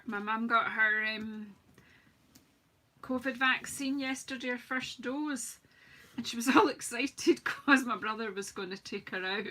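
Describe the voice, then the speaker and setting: Bright chatty woman crafter. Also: fairly high pitch. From United Kingdom. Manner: chatty and self-mocking, greets viewers from the comments. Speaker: craft demonstrator hosting a live stream. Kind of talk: live crafting demonstration, casual chat.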